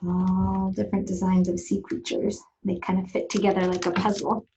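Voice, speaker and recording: A woman's voice: medium pitch, normal speed, highs cut off, noisy background. Playful librarian woman reading to preschoolers. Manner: playful, animated, sing-song with kids. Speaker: children's librarian. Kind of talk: preschool storytime.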